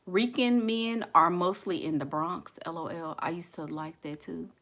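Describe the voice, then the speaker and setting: A woman's voice: on the low side, moderate pace, a bit bright. A young woman with a Southern accent from Houston, chatting casually and bluntly with her viewers, laughing and reacting to their comments. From Houston, Texas. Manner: blunt, laughing, talks back to chat. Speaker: vlogger reading live comments. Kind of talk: casual chat.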